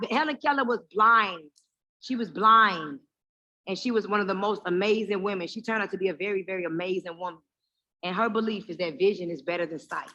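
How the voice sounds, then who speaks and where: A woman hosting a live motivational event, speaking in an animated, preacher-like way and calling out to the crowd for response. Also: mid-range voice. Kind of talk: lively stage talk with call and response. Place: live event in front of an audience.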